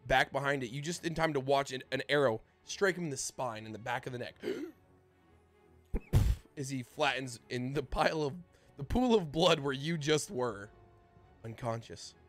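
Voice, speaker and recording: A man running a tabletop role-playing game as dungeon master, narrating in a casual, halting way with frequent restarts. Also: medium pitch, soft background music. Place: home streaming setup.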